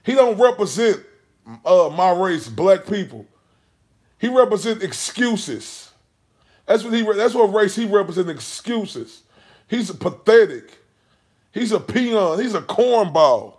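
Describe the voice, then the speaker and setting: A man's voice: high-pitched, lively intonation, a little slow, darkish tone. A man ranting about boxing on his channel, heated and mocking, swearing constantly. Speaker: boxing commentary vlogger. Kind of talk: profane casual rant.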